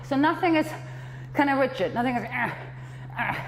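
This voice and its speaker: A high-voiced woman leads a workout class, cueing each move and encouraging everyone. She is out of breath, speaking between exercises in a reverberant hall with a faint hum of ambience behind her. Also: lively intonation, normal speed. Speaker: fitness trainer.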